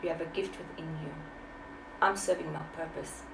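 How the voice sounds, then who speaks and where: A woman's voice: low-pitched, fairly even intonation, moderate pace, creaky, echoey room, distant mic, background noise. A woman in her forties, from South Africa, speaking as an author in an interview, impassioned and preachy, often repeating her words. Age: 40s. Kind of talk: emotional testimony.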